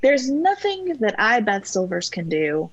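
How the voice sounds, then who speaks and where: A woman, a podcast guest and author, talking in an earnest, reflective way in measured full sentences. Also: medium pitch, very animated, no echo, highs cut off. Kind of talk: conversational interview.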